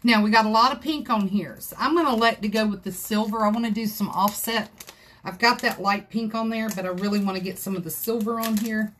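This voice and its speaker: A woman's voice: medium pitch, steady tone, fairly quick, a bit bright. Woman w/ doing a live craft tutorial, chatty and folksy, faint hum from her craft room. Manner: chatty, folksy, talks to viewers as she works. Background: dogs scratching in another room.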